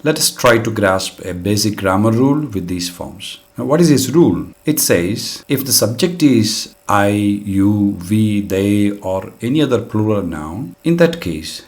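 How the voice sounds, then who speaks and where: A man with a fairly low voice gives a recorded grammar lesson. He lays out each rule patiently and walks through example after example, in the even manner of a teacher. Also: a little slow, hardly any pauses. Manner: patient, explains step by step with examples.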